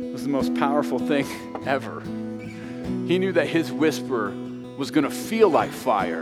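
Hushed male pastor in an echoing hall. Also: on the high side. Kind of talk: sermon. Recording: long hall reverb with clear guitar music. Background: guitar playing.

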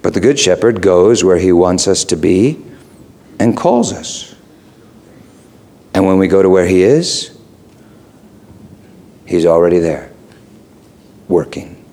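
A middle-aged man preaching a sermon, playful and animated, dropping to low asides and rising high for emphasis. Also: slow pace, pauses often. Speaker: pastor.

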